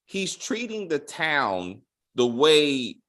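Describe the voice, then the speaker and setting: A man co-hosting a casual TV review, animated and acting out characters' lines in funny voices. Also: a little high, slow. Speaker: podcast co-host.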